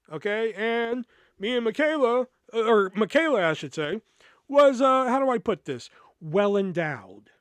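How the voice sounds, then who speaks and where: A man's voice: sits high, clear, resonant tone, dry recording. A man hosting a podcast, telling a personal story in a casual, profane, rambling way. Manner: profane, rambling, animated retelling. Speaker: podcast host.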